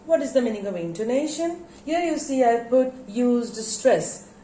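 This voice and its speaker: A Bangladeshi English teacher with a fairly high, expressive, warm voice gives a classroom lesson, slowly drawing out words and repeating them for her students. The recording captures an echoey room with faint background noise.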